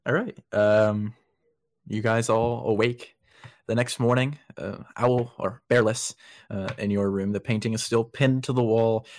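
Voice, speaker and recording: A man's voice: lowish voice, steady tone, a little slow. A young man narrating as dungeon master over a voice call, casual and full of fillers. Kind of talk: narrating a tabletop game over voice chat. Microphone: computer mic on a voice call.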